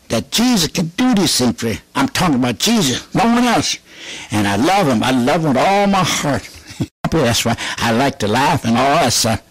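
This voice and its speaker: A man with a mid-range voice gives a fervent spoken religious testimony, with no room sound in the recording. He laughs often between phrases and repeats key phrases with rising emphasis.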